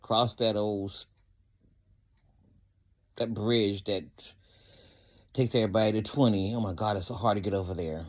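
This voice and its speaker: A middle-aged man, giving a fervent, rambling personal testimony full of praise to God. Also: lowish voice. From Atlanta area, US. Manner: fervent, religious, rambling, folksy. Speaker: storyteller recounting a personal event.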